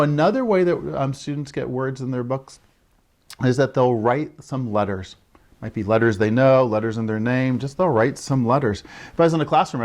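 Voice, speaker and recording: Male early childhood educator, mid-pitched, steady explainer, keeps checking in with listeners. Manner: explains with frequent "right?" check-ins and modeled child-directed lines. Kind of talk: instructional talk to parents.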